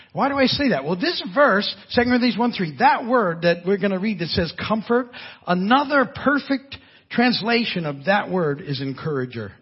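A man preaching a sermon as a pastor, in an animated, conversational way with asides and laughter. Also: high-pitched, slightly rough, dull audio.

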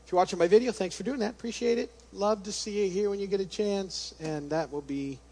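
A man with a slightly higher-than-average voice leads a relaxed Bible study lesson. He talks the way he thinks, circling back with restarts and fillers. He shifts easily into reading scripture aloud. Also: brisk. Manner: reads scripture passages aloud. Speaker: Bible teacher. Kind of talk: casual Bible study talk.

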